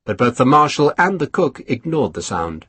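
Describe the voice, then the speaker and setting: Husky male audiobook narrator. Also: mid-range voice, sing-song, normal speed, a bit bright, no room sound. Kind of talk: scripted narration.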